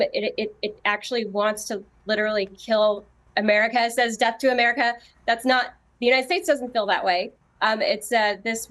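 A woman political commentator on a news panel, speaking in a halting way with many fillers and restarts. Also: mid-range voice.

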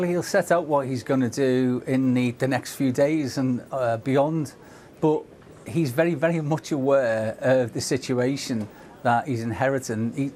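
Scouse man, interview guest, earnest and halting, mid-pitched voice. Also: a little mellow. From Liverpool. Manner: earnest, halting, repeats words. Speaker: political guest. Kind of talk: live remote interview.

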